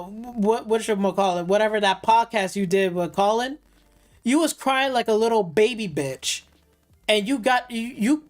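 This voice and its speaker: Woman streamer going off about games, cussing a ton, slightly high voice, keeps restarting sentences. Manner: heated profane ranting; repeats and restarts phrases. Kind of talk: live stream gaming commentary.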